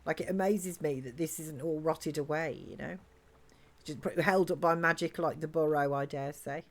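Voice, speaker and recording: This game streamer has a low voice and speaks at a normal pace. Chatty and giggly, she reads her chat out loud while playing live.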